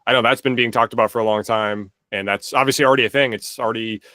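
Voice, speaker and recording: A man's voice: mid-range voice, steady tone, fast talker, pushed and bright, dry recording. A young man in casual podcast chat, rambling with lots of filler words and restarts. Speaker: podcast co-host.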